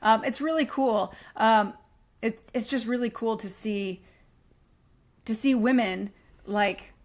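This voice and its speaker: A woman's voice: fairly high pitch, takes it slowly. A woman who is a guest on a podcast interview, telling stories in a chatty, enthusiastic way.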